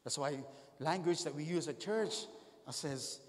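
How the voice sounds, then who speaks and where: A man preaching a sermon as the pastor, swinging between loud calls and quiet asides. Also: fairly high pitch, unhurried. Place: large church hall. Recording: echoey church hall.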